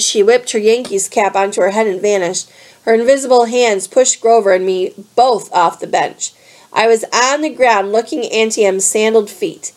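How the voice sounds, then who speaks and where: A woman reading a novel aloud in a steady, clear storybook manner. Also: mid-range voice. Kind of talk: read-aloud narration.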